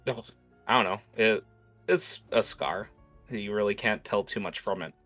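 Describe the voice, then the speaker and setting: A man's voice: lowish voice, normal speed, pushed and bright, soft background music. Casual male game master, lots of "uh"s. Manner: loose narration full of "uh" and "like". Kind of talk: narrating a tabletop game.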